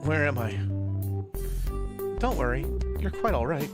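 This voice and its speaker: Man reading as a calm school nurse woman. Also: a little high, measured pace. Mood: reassuring. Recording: background music.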